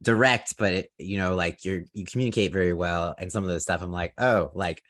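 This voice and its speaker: A man with a very low voice hosts a podcast in relaxed conversation. He is friendly and laughs easily, recorded dry and close. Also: a little fast, no echo. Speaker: podcast host. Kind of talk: casual conversation.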